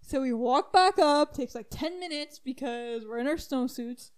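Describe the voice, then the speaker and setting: A high-voiced young woman tells a story to a friend in an animated, giggly way. She fills her speech with "like" and squeals up high at the funny parts. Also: normal speed, smooth. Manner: animated, laughing, squeals when excited, many "like"s. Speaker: storyteller co-host. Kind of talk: casual storytelling chat.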